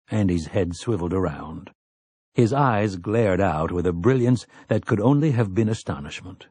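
Male audiobook narrator, measured storytelling, deep tone, dry close sound. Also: lively intonation, a little mellow, breathy edge, dry recording.

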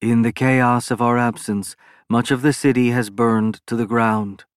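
A man voicing a solemn male alien, speaking slowly and gravely. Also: mid-range voice, little pitch movement, no room sound, clean studio sound, lightly acted.

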